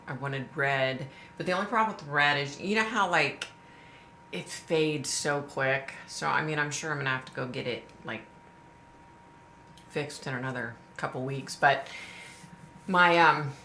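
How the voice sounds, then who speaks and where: Brief: low-voiced, bright-toned woman, middle-aged, casual sympathetic livestream host, echoey room with faint hiss. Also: unhurried, long pauses. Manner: chatty, sympathetic, greets viewers by name.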